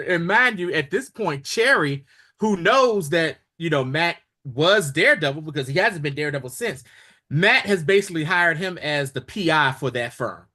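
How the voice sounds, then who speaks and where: A man with a voice on the high side talks at normal speed while co-hosting a podcast. In casual chat he recaps a TV episode, animatedly performing the characters' lines.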